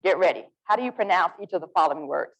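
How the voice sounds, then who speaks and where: A woman with an Alabama Southern accent, leading a lively, interactive literacy workshop and coaxing the audience to join in. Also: fairly low pitch, racing, rough recording. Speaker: literacy presenter.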